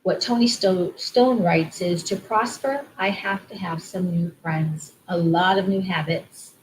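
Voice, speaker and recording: A woman talking casually to her viewers about spiritual growth in a gentle, rambling way, repeating affirmations aloud to practise them. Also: fairly low pitch, a little slow, slight background noise, poor audio. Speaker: spiritual vlogger and card reader. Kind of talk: casual spiritual talk to camera.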